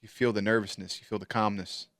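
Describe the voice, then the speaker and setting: A man's voice: on the low side, steady tone, quick pace, fairly bright tone, no room sound, clean studio sound. Profane man reacting to a show. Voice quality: profane, laughs often. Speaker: reaction video host. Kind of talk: casual reaction commentary.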